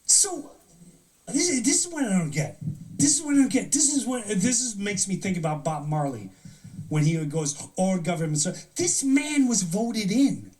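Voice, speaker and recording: A man hosting a live show launches into an animated comedic rant, full of incredulous disbelief, acting out mock conversations in different voices. His high voice swings widely in pitch at a moderate pace, sounds a little mellow, and is picked up far from the mic.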